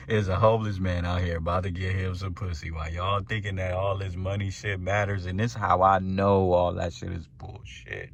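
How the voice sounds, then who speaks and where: A man with a low, deep voice holds forth in a casual podcast monologue aimed at the guys. His talk is loose and full of slang and swearing, and he chuckles between points. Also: flat delivery, normal speed, gravelly, hardly any pauses, slight background noise. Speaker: podcast host.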